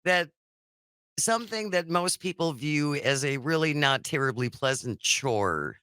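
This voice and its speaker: A man's voice: a little high, measured pace, clean tone, no room sound, studio quality. A man hosting a radio talk show, teasing his co-host and taking callers. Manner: teasing, lively. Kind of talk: casual radio banter.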